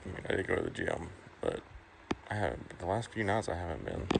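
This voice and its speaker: Tired, gravelly low-voiced man. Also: huge pitch swings, a little fast, heavy background noise. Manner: tired, yawning, joking with a puppy. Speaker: farm vlogger. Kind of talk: casual vlog. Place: outdoors at night on a farm.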